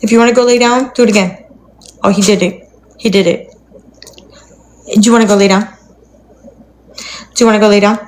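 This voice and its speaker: A woman's voice: mid-range voice, fairly even intonation, brisk, long pauses, a little mellow. A young woman chatting casually on a phone livestream from her apartment, rambling, with cooing baby-talk to her dog.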